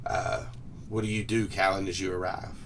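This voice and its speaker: Low-voiced male game master, slightly off-mic. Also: level tone, moderate pace. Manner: laid-back, hesitant narration with fillers. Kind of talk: narrating a tabletop game. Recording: distant mic with faint noise.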